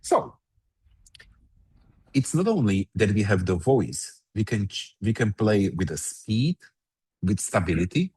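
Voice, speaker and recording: Low husky guy explaining a software demo step by step, dry close mic. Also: very animated, a little slow, long pauses, dry recording. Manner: explains step by step, with frequent restarts. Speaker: workshop presenter. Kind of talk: live online software demo.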